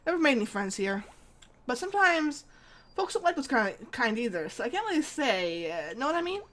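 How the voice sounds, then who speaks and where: A woman's voice: high voice, big pitch swings, a little fast, a bit bright. A woman voicing a folksy, rambling middle-aged male neighbor who drinks whiskey, reading video game dialogue aloud.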